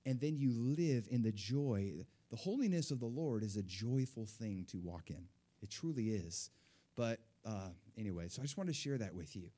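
At a moderate pace, a man preaches a sermon in which he tells a personal story. He's animated and excitable, and his voice rises high when he relives joyful moments.

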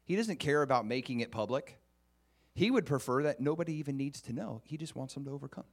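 A man of middle pitch preaching to his congregation in a conversational way. He sounds earnest, restarts his sentences often, and keeps asking the room questions. His pitch swings up and down as he presses each point. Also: animated, fast. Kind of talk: conversational sermon.

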